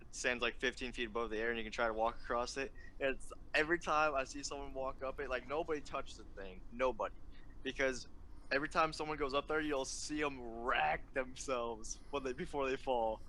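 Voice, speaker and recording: A man in relaxed casual chat, asking questions and comparing prices. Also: medium pitch, brisk. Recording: faint background noise.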